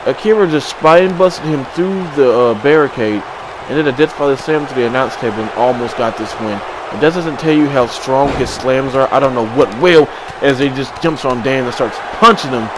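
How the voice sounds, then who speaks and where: A man giving excited play-by-play commentary on a video game wrestling match, swinging from low mutters to sudden shouts. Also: normal speed. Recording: crowd and game noise behind.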